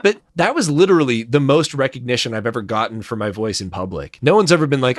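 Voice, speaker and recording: A man's voice: mid-range voice, lively intonation, quick pace, few pauses, no room sound, clean studio sound. A man who does cartoon voices, a guest in a casual interview, rambling through anecdotes with self-deprecating humor. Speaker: voice actor guest.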